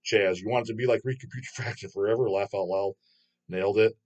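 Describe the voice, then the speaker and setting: A man's voice: fairly low pitch, steady tone, quick pace, a little mellow, muffled recording. A man hosting his own channel, reading viewer comments aloud and answering them in a rambling, profane way, laughing often. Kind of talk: casual chat.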